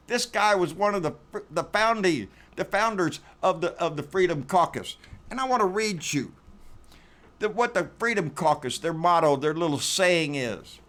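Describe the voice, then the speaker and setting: A man's voice: sits high, animated, normal speed, fairly bright tone. A man hosting a casual political commentary rant, talking in a sarcastic, profane way and repeating himself for emphasis.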